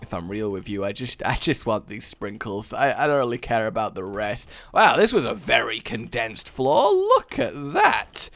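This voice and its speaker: A man's voice: lowish voice, animated, normal speed, hardly any pauses, fairly bright tone, no room sound. A man hosting a gaming channel, giving rambling, jokey let's-play commentary full of asides.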